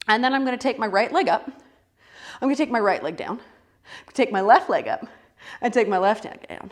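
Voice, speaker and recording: A middle-aged woman teaching a playful, encouraging yoga class for kids, calling out each movement. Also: fairly high pitch. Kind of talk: kids' yoga class instruction.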